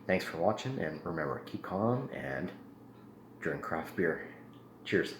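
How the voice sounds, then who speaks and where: Speaking expressively in a very deep voice, a man rambles through a casual beer review vlog, pausing with plenty of ums and uhs. The echoey room adds a faint background hum.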